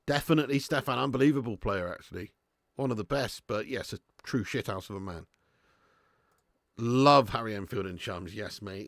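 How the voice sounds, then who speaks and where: A man's voice: lowish voice, moderate pace, creaky, a bit bright, no echo, studio quality. A man in his thirties hosting a live football watch-along, chatting casually, swearing freely and answering viewers' comments. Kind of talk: casual live stream chat.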